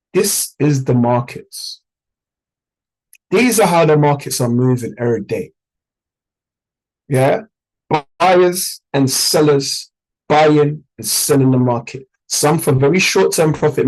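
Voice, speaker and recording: A man teaching in an informal, animated way, using everyday analogies and repeated sound effects to make his points. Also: on the high side, husky, rough recording. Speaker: trading educator.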